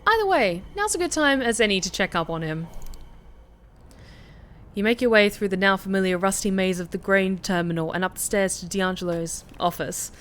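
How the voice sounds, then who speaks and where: A woman streaming a story game, reading the narration aloud in a lively way and chatting back to her viewers. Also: medium pitch, normal speed.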